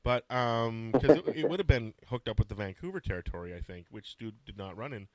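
A man's voice: lowish voice, brisk, a little mellow, no room sound. A man hosting a podcast, introducing a guest and asking questions in hesitant casual chat. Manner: hesitant, many fillers. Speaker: podcast host. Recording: dry close sound.

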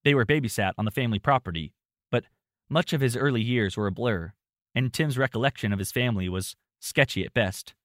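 A man narrating a story in a steady, plain storytelling manner. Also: medium pitch, brisk, no room sound, studio quality.

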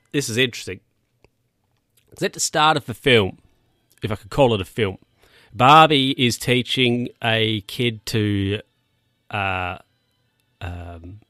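A man's voice: medium pitch, sharp tone, clean tone, no echo, studio quality. A man casually recapping a film plot in a rambling, jokey way, with crude asides and lots of restarts. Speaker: film reviewer.

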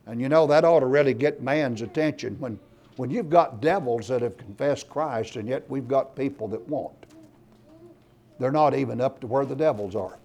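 A man preaches a sermon, reading scripture aloud and pressing his points with emphasis, growing loud on scripture and lists. His voice is medium-pitched, and he speaks at normal speed.

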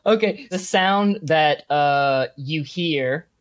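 A man running a tabletop game as game master, narrating with frequent pauses and fillers. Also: a little high. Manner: hesitant, lots of uh and um, laughing.

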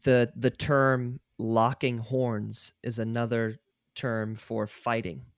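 A young man co-hosting a casual podcast chat, animated and laughing often, with bursts of loud emphasis. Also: mid-range voice, slow, no echo, studio quality. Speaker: podcast co-host.

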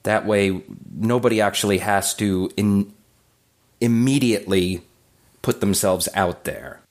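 A man's voice: on the low side, steady tone, a little slow. A man playing a tabletop role-playing game, talking through tactics hesitantly and restarting his sentences. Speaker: player.

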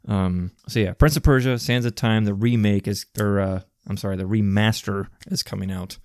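A man's voice: lowish voice, steady tone, normal speed, a little mellow, no room sound, clean studio sound. A man co-hosting a casual chat, enthusiastic and rambling, with casual slang. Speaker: podcast co-host. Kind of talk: casual chat about video games.

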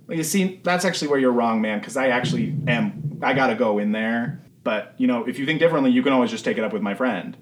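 A man's voice: mid-range voice, fast, few pauses, recorded from a distance, a little hiss or hum, close to an everyday voice. A man voicing a laid-back, swaggering male cleric with a drawling, casual way of talking. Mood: smug.

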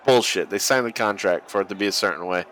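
A man's voice: sits low, quick pace, a bit bright, some chatter behind, slight background noise. A man co-hosting a podcast, calling a wrestling match in a crude, joking way and laughing often. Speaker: podcast co-host watching wrestling. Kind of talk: casual watch-along commentary.

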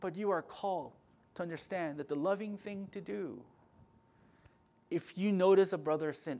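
A man preaching a sermon as pastor, impassioned, swinging between loud emphatic lines and quiet asides, often restarting and repeating words. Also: sits high, normal speed, pauses often.

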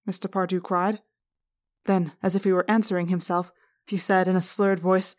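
A woman reading an audiobook aloud in the first person, with steady, measured narration. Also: lowish voice. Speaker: audiobook reader.

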